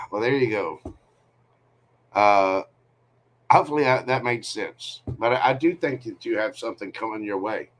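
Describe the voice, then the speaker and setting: A man's voice: lowish voice, measured pace, long pauses, fairly bright tone. A man hosting a live tarot reading stream, giving candid, joking, rambling advice. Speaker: tarot reader host.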